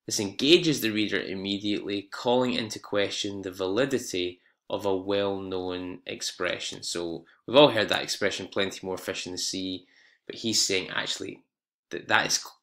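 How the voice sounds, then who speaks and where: Bright-voiced male English teacher. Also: fairly low pitch, moderate pace. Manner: explanatory, with fillers and self-corrections. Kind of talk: exam-prep lesson.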